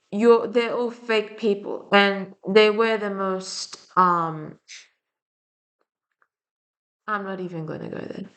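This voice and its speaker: A young adult woman vlogger with a French and Slavic accent rants bluntly to camera in a casual vlog, rambling and swearing often. Her voice is mid-range and a bit bright.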